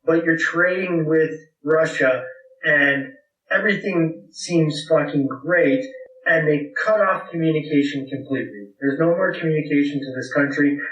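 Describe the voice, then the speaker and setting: A man's voice: a little high, fairly bright tone, muffled recording. A man co-hosting a podcast in casual chat, rambling and swearing while drunk. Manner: rambling, profane, laughs a lot. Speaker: podcast co-host. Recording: echoey room, far from mic.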